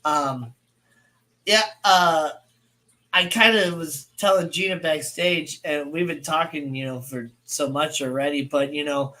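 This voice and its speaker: A man's voice: on the high side, a little slow, pushed and bright. A man in his thirties from St. Louis, Missouri, co-hosting a casual livestream, rambling with many fillers and laughing often. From United States. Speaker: co-host.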